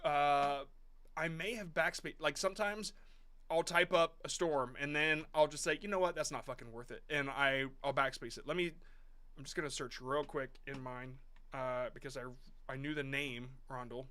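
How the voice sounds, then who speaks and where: A man in his thirties talks through viewers' videos on a live stream, loose and rambling, with restarts and the odd swear word. His voice sits a little high and sounds bright and forceful. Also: steady tone, normal speed, smooth. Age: 30s. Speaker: host reviewing viewers' short videos. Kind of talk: casual live-stream commentary.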